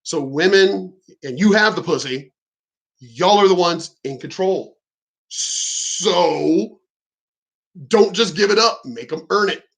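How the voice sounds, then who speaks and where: A man speaks in a casual reaction-commentary style, his voice sitting a bit high for a man. He is blunt and profane, telling his story in a frank, unpolished way. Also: lively intonation, takes it slowly, gravelly, fairly bright tone, low-quality recording.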